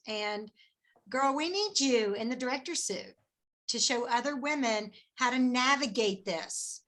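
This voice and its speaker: A woman's voice: on the high side, lively intonation, measured pace, a bit bright. A woman hosting a team call, effusive and full of praise. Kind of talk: motivational business call.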